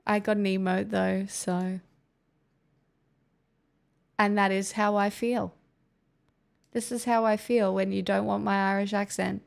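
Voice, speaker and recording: Chatty Australian woman with a gravelly edge. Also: mid-range voice, flat delivery, measured pace, long pauses. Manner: chatty, answers chat messages, rambling restarts. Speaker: livestreamer. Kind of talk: casual chat with viewers.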